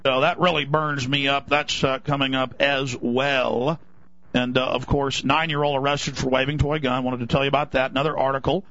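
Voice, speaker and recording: A man's voice: mid-range voice, flat delivery, normal speed, fairly bright tone, no echo. Man ranting heatedly on talk radio. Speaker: radio talk show host. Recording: dull lo-fi broadcast audio.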